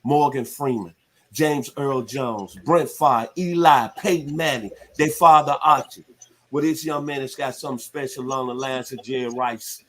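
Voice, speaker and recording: A man's voice: medium pitch, moderate pace, slight background noise. A man in his sixties from the Southern United States, hosting sports talk radio in a laid-back, folksy way. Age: 60s.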